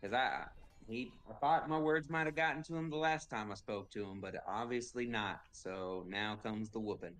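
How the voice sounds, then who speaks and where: A male player at a tabletop game cracks brash jokes in a lowish voice. He speaks casually among friends. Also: moderate pace, fairly bright tone. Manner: joking, brash banter.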